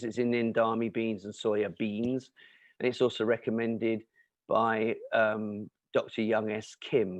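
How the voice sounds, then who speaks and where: A man answering questions in an explanatory talk, lecturing in an animated way with emphatic asides and fillers. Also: lowish voice, dry recording. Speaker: nutrition and cancer speaker answering questions.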